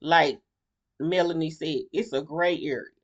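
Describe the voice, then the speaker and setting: A woman's voice: sits low, a little slow, muffled recording. Fired-up rambling woman vlogger. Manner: rambling and animated, with lots of restarts and slang; blunt, fired-up opinions. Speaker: vlogger recapping a reality show. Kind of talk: casual commentary.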